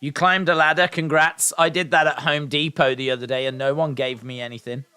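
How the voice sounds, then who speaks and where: A man's voice: on the high side, steady tone, brisk, sharp tone, clean tone. A man hosting a live watch-along stream, joking and chatting casually to his viewers as he reacts.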